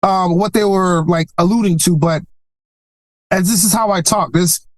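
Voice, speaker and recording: A man in his forties from Brooklyn, a podcast guest in casual interview chat, an animated storyteller who laughs often. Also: sits high, moderate pace, dry recording. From Brooklyn, New York.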